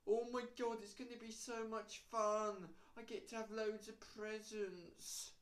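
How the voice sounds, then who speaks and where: A man's voice: high-pitched, flat delivery, measured pace, pitched above the performer's own voice. A man voicing a squealing, overexcited person who whines about Christmas. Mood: giddy. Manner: squealing, whiny, loud. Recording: roomy echo.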